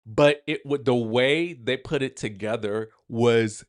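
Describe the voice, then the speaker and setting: A man hosting a casual recap of a reality show. He talks straight to his viewers and acts out the cast members' lines in quick asides. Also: medium pitch. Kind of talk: animated casual recap commentary.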